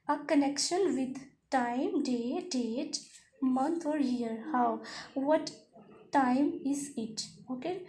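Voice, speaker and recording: High-voiced woman teaching slowly. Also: mellow, slight background noise. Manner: slow, repetitive explaining with example sentences. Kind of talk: recorded grammar lesson.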